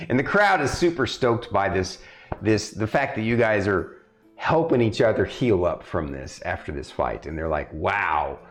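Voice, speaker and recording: A man narrating a tabletop game as game master, hunting for words with frequent restarts. His pitch swings about freely as he talks. Faint music sits behind him. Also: lively intonation, a bit bright. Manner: halting, many restarts and fillers.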